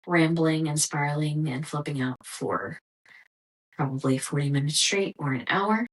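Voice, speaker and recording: A young woman hosts a podcast and rants in a loose, profane, exasperated monologue. Her voice sits a little low for a woman, and she talks casually with a lot of fillers. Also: poor audio. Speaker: podcast host.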